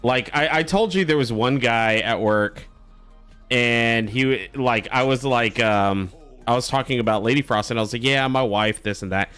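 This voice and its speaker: A man hosting a live game stream in casual chat, swearing, joking and breaking into loud excited laughter. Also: mid-range voice, normal speed, clear, resonant tone, soft background music. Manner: profane, jokey, bursts into loud excited laughter. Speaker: streamer host.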